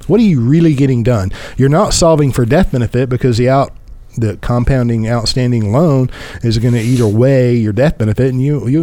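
A man's voice: mid-range voice, mellow, no room sound. A middle-aged man, a podcast host and financial advisor, explaining in a conversational way with emphatic rhetorical questions and repeated words.

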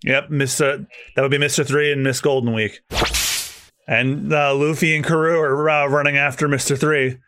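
A man's voice: mid-range voice, fairly even intonation, moderate pace, fairly bright tone, no echo. A man co-hosting a podcast, casually recapping a comic with lots of laughter. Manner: laughs often, breaks into character voices. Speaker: podcast co-host.

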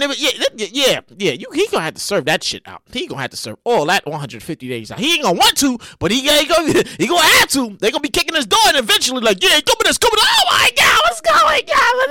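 A man hosting a solo podcast, whose voice swings wildly between low mutters and high yelps. His tone is bright and sharp, and the dry sound carries little room. He talks straight to his listeners, casual and profane, with sudden loud outbursts. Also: no echo. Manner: addresses listeners directly. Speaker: podcast host.

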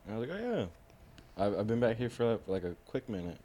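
A man's voice: lowish voice, very animated, quick pace, warm tone, slight background noise. A young man co-hosting a casual podcast, talking in a laid-back, slangy way. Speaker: podcast co-host. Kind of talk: casual chat.

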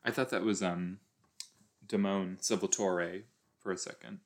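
A man giving chatty, excitable reaction commentary as he watches a TV episode, gasping and exclaiming along. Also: low-pitched, measured pace. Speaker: reaction video host.

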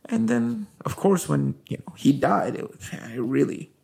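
A man hosts a relaxed podcast chat with his wife. His voice has a gravelly edge, and he talks in a loose, lively way with frequent laughs and fillers. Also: on the high side, unhurried. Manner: animated, laughing, loaded with fillers. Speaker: podcast host.

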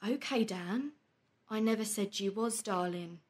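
A woman's voice: medium pitch, breathy edge. A young woman hosting a podcast, talking casually and bluntly, swearing freely and laughing often. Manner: quick, heated rants with animated quoted voices. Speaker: podcast host. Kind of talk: casual chat on a live stream.

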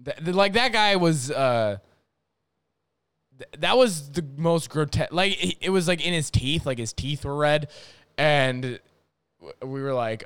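A man's voice: fairly high pitch, expressive, a little slow, pauses often, a bit bright, clean tone, dry recording. A young man from North Dakota, rambling through a profane, casual story on his own show, full of fillers and restarts. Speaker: podcast host.

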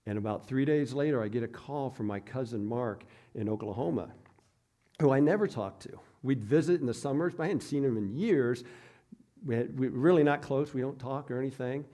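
A man's voice: mid-range voice, brisk, dark tone. A man preaching a sermon as a pastor, telling personal stories in a conversational, self-deprecating way. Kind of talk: storytelling sermon.

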